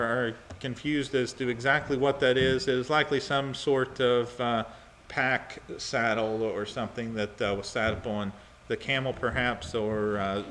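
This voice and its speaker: A man teaching a Bible study, talking haltingly with many fillers and acting out the verses he reads. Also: mid-range voice, a bit bright, a little hiss or hum.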